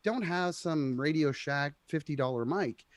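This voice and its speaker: Brief: male guitarist guest, higher pitch, very lively delivery, dry close sound, casual livestream chat. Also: a little slow, no echo.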